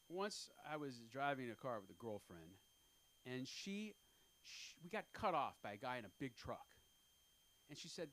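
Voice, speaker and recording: A man in his fifties doing an open-mic stand-up set on a comedy club stage. He talks in a rambling, self-deprecating way, halting often with fillers. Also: on the high side, fairly bright tone. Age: 50s.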